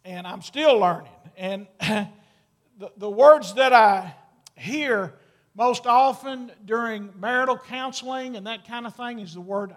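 A man's voice: very high-pitched, measured pace. A middle-aged man preaching a sermon as pastor, earnest and folksy, drawing out key words for emphasis. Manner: folksy, talks straight to the congregation.

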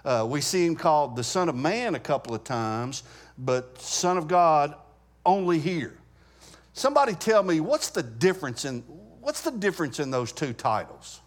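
Man teaching a Bible class, slightly high voice. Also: sing-song, moderate pace. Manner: conversational, asks class questions, frequent restarts.

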